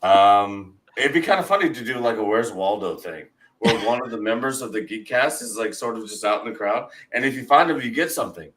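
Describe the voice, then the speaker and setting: A man co-hosting a podcast in casual chat, joking and animated. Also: fairly low pitch, a little fast, hardly any pauses, a little hiss or hum, rough recording. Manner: joking, animated, laughs easily. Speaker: podcast co-host.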